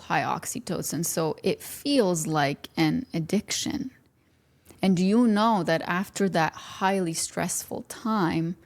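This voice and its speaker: A woman podcast host in a reflective monologue, her voice set a little low and threaded with gravelly fry. She talks gently and earnestly to the listener, easing now and then into a near whisper. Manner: earnest, speaks directly to the listener.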